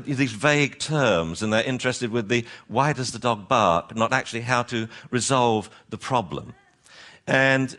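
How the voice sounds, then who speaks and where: A man giving a lively talk to an audience as a dog trainer, acting out owners and dogs in funny voices. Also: medium pitch.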